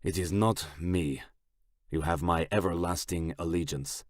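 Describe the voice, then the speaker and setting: A man voicing a smug, leering Italian crime boss with a thick Italian accent, talking slowly and with menace. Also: sits low, no room sound, clean studio sound. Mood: menacing.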